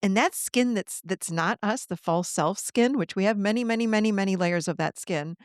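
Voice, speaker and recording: Mid-range in pitch and at normal speed, a woman guest on a podcast interview talks earnestly like a coach, voicing the people she quotes. The recording is dry, with clean studio sound.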